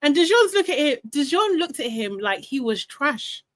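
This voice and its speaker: A woman's voice: high-pitched, moderate pace. Chatty woman hosting a live recap. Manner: chatty and animated, laughing, reading out chat comments. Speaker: live show host. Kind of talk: casual live recap chat.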